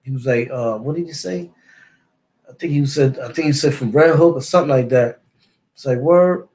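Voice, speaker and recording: A man's voice: mid-range voice, a little fast, darkish tone. A man from Brooklyn with a New York accent, telling a story in casual street slang and filling it with repeated words and sound effects. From East New York, Brooklyn.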